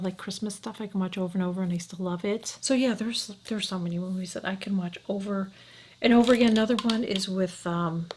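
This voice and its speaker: A middle-aged woman chatting frankly to camera as a beauty vlogger, often sinking to a near whisper. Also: medium pitch. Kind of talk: casual chat to camera.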